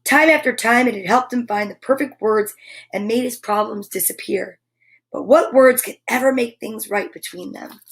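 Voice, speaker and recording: A woman reading a picture book aloud to children, expressive, with exclaimed asides. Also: fairly high pitch, normal speed. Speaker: children's storyteller.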